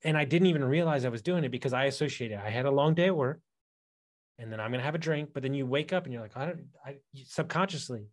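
A man hosting a casual podcast chat, retelling a story in a loose, animated way. He stumbles and restarts often. His voice sits at a middling pitch. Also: fast talker. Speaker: podcast host.

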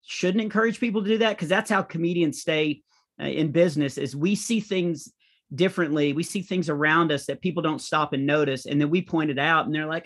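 Middle-aged male comedian, lively anecdotal delivery, slightly high-pitched voice. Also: fairly quick. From United States. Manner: animated anecdotal storytelling. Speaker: comedian and author guest. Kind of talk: conversational interview.

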